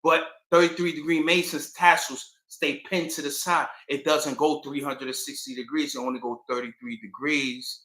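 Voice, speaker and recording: A man with a voice on the high side hosts his own channel, telling history in a casual, slangy storytelling style at normal speed with hardly any pauses. He's animated and acts out quotes, recorded in an echoey room.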